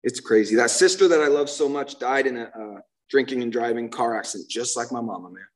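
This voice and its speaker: A man's voice: medium pitch, fairly quick. A man sharing his personal recovery story at a meeting, earnest and emotional, often restarting his sentences and saying "man, you know what I mean.".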